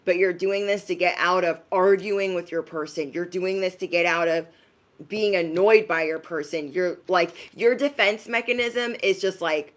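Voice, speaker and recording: A woman's voice: lowish voice, normal speed. A woman giving a live-streamed zodiac reading. She is chatty and slangy, talks straight to her viewers, and often acts out quoted voices. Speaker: intuitive card reader.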